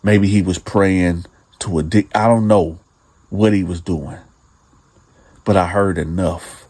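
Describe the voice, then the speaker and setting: A man's voice: sits low, steady tone, slow pace, a little mellow. A man casually telling a true prison story in slangy, profane talk, calling his listeners "y'all.".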